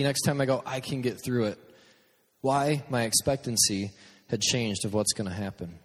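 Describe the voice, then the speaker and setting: A man's voice: mid-range voice, long reverb tail. A man hosting a podcast, giving a message through humorous, self-deprecating personal stories and acting out what people said. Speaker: youth speaker and podcast host. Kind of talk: storytelling sermon.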